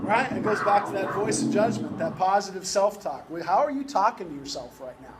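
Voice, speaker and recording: The recording is very noisy, carrying a high-pitched, animated voice at a fairly quick pace. It's a youth baseball coaching instructor in a conversational workshop, forever asking "right?"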